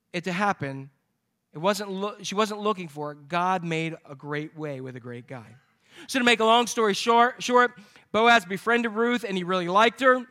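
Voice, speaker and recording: Pastor guy preaching, cracks jokes with the crowd, bright high voice. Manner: lively storytelling with jokes to the congregation. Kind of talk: sermon.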